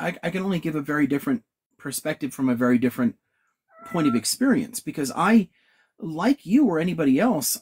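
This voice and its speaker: A man's voice: on the high side, a little mellow, slightly rough. A man talking in a casual discussion, thoughtful and hesitant, with frequent restarts. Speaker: discussion panelist.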